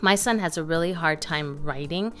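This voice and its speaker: A woman in her thirties with a fairly low voice, chatting about homeschool materials in a casual, lively way. She fills her talk with little ums and restarts, and faint music plays behind her. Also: moderate pace. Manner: chatty, lively, with frequent fillers. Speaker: homeschooling mom and channel co-host. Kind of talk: casual curriculum review chat.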